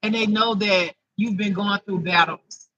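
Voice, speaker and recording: A man's voice: high-pitched, measured pace, sharp tone, no echo, lo-fi sound. A man giving an improvised spiritual reading to viewers, emotional and close to tears, repeating himself in a chatty way. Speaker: intuitive spiritual reader.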